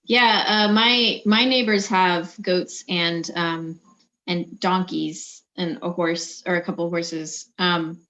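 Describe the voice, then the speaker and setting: A woman's voice: on the low side, steady tone, takes it slowly, pushed and bright. A woman chatting over a call, telling a story with quoted asides. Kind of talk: casual video-call chat. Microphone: phone or video call.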